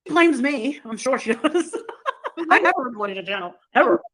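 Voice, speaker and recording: A woman's voice: sits high, sing-song, normal speed, fairly bright tone. A woman chatting bluntly and gossiping about online drama, swearing freely. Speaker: streamer. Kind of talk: casual drama chat.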